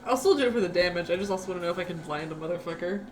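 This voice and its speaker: A woman's voice: fairly low pitch, very fast. A woman playing a tabletop game, chatting casually and laughing often between lines. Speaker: player.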